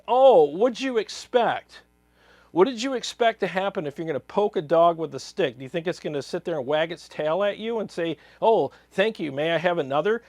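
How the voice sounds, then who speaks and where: A man's voice: fairly high pitch, no room sound. A man hosting a guitar channel, delivering a blunt, heated opinion rant to camera.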